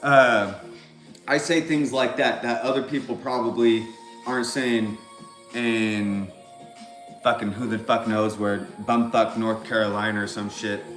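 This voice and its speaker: A man's voice: on the low side, steady tone, unhurried, a bit bright, faint music behind. A man from California with a Californian accent, talking in a rambling, profane monologue that keeps circling back on filler phrases. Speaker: vlogger. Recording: roomy echo.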